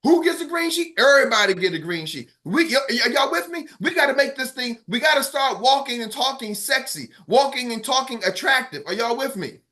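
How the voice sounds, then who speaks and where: Fired-up coach man, bright high voice. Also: animated, a little fast, few pauses. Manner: fired-up, preachy, calls out to the group. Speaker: sales coach. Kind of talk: motivational team call.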